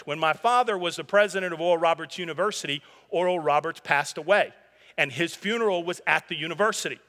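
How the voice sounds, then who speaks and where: Male pastor, high bright voice, earnest conversational sermon, reverberant sanctuary. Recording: long hall reverb.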